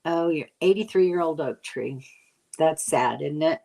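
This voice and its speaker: Chatty older woman with a low voice. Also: a little slow, gravelly, dark tone. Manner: rambling, chatty, many fillers. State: tired from lack of sleep. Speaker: vlogger answering live chat. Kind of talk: casual live-stream chat.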